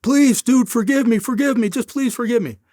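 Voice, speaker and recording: A frantic young man, his voice jumping way up high as he begs a friend to forgive him, as a man puts him on in his storytelling. The pleading comes out strained and breaking. It sounds close to the mic and dry. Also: normal speed, dark tone, no room sound.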